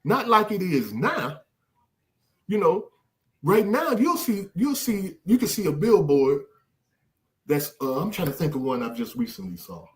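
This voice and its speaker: A man's voice: high voice, big pitch swings, measured pace. An older man hosting a podcast, talking casually and with animation, often repeating words as he searches for a thought. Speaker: podcast host.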